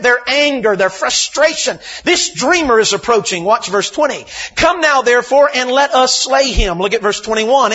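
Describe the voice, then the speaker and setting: High, bright-voiced man preaching a sermon. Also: dull audio. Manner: emphatic preaching that swings from loud to hushed.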